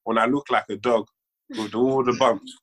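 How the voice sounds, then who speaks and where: A man's voice: medium pitch, fairly even intonation, moderate pace, fairly bright tone. A man, a sketch comedy actor chatting as a podcast guest, joking and mocking himself. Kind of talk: casual podcast chat.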